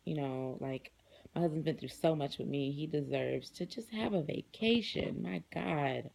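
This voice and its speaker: A woman's voice: deep voice, moderate pace, gravelly, background noise. An adult woman with kids, talking casually to her viewers in a rambling vlog with lots of fillers. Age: adult, married with children. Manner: chatty, rambling, many fillers. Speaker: vlogger.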